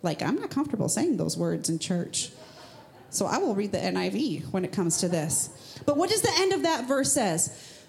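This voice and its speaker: A woman pastor preaching a sermon in church, speaking casually and with emphasis, sometimes jumping up high for rhetorical questions. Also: sing-song, normal speed, vocal fry, darkish tone.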